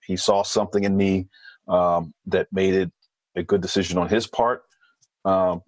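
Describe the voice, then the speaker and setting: A man being interviewed as a former hostage negotiator, explaining in a measured way with thinking fillers. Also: deep voice, fairly even intonation, no echo, poor audio. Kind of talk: podcast interview.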